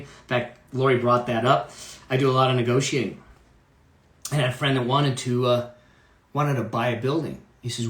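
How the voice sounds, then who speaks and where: Animated, bright-voiced man giving a pep talk. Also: medium pitch, echoey room. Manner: emphatic, repeats key phrases, frequent "okay?". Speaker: motivational speaker on money. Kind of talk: live-streamed motivational talk.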